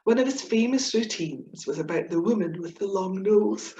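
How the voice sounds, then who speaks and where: A woman's voice: medium pitch, animated, moderate pace, dark tone, echoey room, lo-fi sound. A woman with a Scottish accent giving a playful, chatty webinar talk over a video call, full of asides and giggles. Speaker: webinar speaker on Scots humour.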